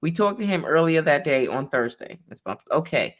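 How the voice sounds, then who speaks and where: A woman's voice: sits low, big pitch swings, a little fast. A woman attorney reading a court transcript aloud in a conversation, naming each speaker as she goes.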